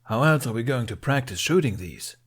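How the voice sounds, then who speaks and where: A man's voice: medium pitch, animated, fairly quick, breathy edge, pitched above the performer's own voice. A man voicing a pompous, dramatic young Viking twin who makes heroic speeches. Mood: grandiose. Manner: grandiose, dramatic.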